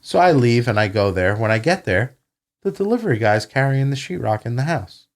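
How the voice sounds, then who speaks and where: A man's voice: mid-range voice, a little fast. A man casually telling a long story on a podcast, swearing and acting out quoted dialogue. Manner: profane, animated retelling with quoted dialogue. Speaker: podcast guest. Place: home podcast room.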